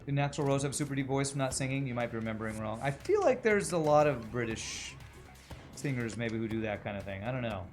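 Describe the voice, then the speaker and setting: A man in casual livestream chat, talking through his game and wandering off into musings about how voices work. His voice sits at an ordinary middle pitch, and soft game music plays faintly behind him. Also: lively intonation, quick pace. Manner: chatty, muses aloud about voices and accents while playing. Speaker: streamer.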